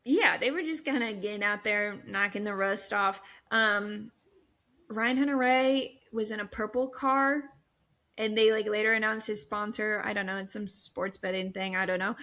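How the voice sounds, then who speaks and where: A young woman co-hosting a casual podcast, animated and blunt, swearing and laughing often. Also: medium pitch, moderate pace. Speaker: podcast co-host. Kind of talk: casual chat.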